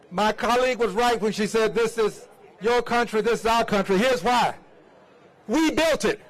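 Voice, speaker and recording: A man's voice: very high voice, fairly bright tone, low-quality recording. A lawmaker giving a fiery, impassioned rally speech, repeating a refrain and drawing out his emphatic words. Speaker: lawmaker speaking at a public rally.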